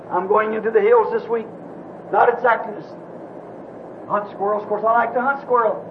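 A man preaching a sermon as a minister, swinging from hushed, low talk to fervent shouting. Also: fairly even intonation, normal speed, long pauses. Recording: dull lo-fi tape with faint hiss.

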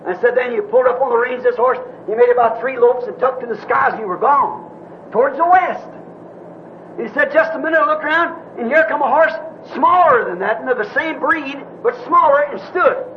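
A man with a strikingly high voice preaches a fervent sermon as a minister, dropping to hushed tones and then rising to shouts. The recording is dull and lo-fi, with a faint hiss underneath. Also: brisk. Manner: impassioned, swings from hushed to shouting.

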